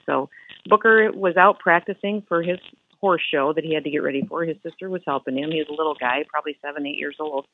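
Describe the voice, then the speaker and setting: A woman's voice: deep voice, no echo. A woman governor telling a story with earnest energy as a radio interview guest, heard over the phone. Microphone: phone line. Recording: tinny phone line.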